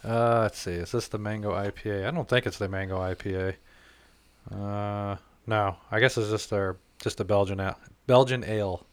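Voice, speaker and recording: A man's voice: lowish voice, fairly even intonation, moderate pace, clean tone, no echo. A man hosting a podcast in casual chat, laid-back and swearing freely. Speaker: podcast host.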